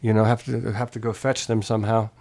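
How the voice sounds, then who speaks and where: A man's voice: fairly low pitch, fast talker. A man being interviewed at home, telling a long story casually, acting out the other people in it and swearing freely. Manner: animated, swears freely, acts out quoted voices. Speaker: guest musician. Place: private home.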